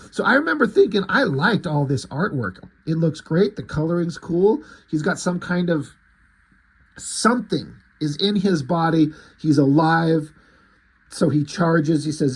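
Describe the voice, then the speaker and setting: A man's voice: a little high, very animated, unhurried, slightly rough. A man casually paging through a comic book, loosely retelling the story in a rambling way.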